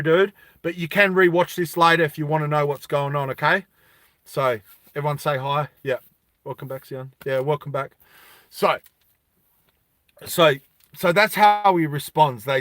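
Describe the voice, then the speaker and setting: A man's voice: a little high, a bit bright, no echo. A man telling a story casually to a live chat as a streamer, chatty and rambling.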